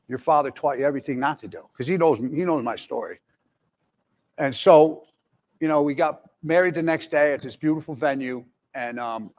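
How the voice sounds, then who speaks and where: Candid man telling his recovery story. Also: mid-range voice. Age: 40s. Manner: candid, rambling with many fillers and restarts. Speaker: speaker in recovery. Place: jail, indoors.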